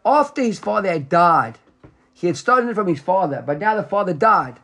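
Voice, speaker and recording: A Talmud teacher with a slightly higher voice speaks a little fast while explaining a text to his study class. His explanation is lively, he acts out the rabbis' lines as he reads them, and he checks in with a student through questions.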